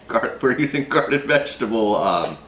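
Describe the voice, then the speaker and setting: A man's voice: mid-range voice, sing-song, a little slow, a bit bright. A man co-hosting a casual mukbang vlog, giving brief, easygoing replies. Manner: brief replies, apologetic, laughing easily. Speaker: co-host. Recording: echoey room with background noise.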